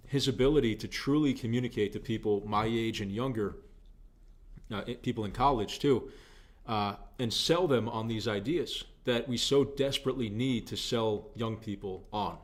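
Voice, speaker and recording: Young male host, lowish voice, earnest conversational commentary. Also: moderate pace. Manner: earnest, conversational, repeats phrases for emphasis. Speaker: political show host. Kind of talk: opinion commentary.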